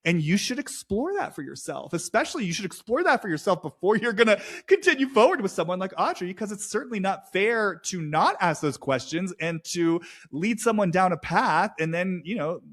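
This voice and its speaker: A man's voice: sits high, fairly bright tone. A man giving a casual, emotive intuitive reading of a reality-show scene, swearing freely and voicing what others feel. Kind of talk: casual commentary.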